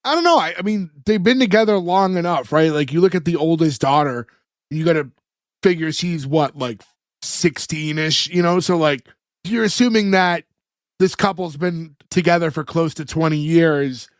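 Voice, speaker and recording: Male co-host, slightly high voice, dry recording, plot recapper. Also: normal speed, no room sound. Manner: recaps plot, reasons things out aloud. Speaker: podcast co-host. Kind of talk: casual chat recapping a sitcom.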